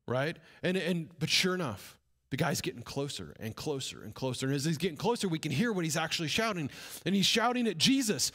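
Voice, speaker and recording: A man's voice: a little high, a little fast, slightly rough. A man preaching a sermon as a first-person dramatic story, dropping to whispers for suspense. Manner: animated retelling, drops to whispers for suspense. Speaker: pastor.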